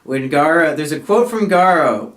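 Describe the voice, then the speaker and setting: A young man co-hosting a casual chat, excitable and swearing, laughing as he tells stories. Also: a little high, normal speed, reverberant. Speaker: co-host.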